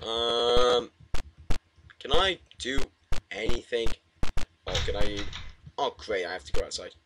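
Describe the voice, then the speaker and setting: A man's voice: on the low side, expressive, normal speed, pauses often, fairly bright tone, a little hiss or hum, rough recording. A man playing a horror game and commenting, jumpy and swearing, talking back to the game at a desk mic. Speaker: gamer.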